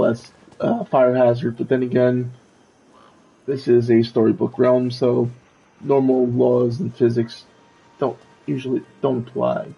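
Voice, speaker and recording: Slow, gravelly-voiced male streamer. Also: mid-range voice, lo-fi sound. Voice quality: gravelly, raspy. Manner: relaxed, self-deprecating, thinking aloud. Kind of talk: casual game commentary.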